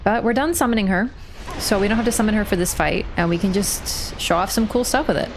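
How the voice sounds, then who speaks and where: A woman's voice: medium pitch, fast, noisy background. Chatty woman streamer. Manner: chatty, sometimes switches to cooing baby talk. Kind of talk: casual gameplay commentary.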